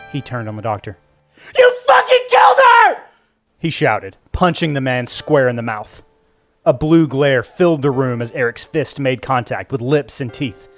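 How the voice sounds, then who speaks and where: Man narrating a story over soft music. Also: medium pitch. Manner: measured, even storytelling. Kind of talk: scripted audiobook narration. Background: faint music score.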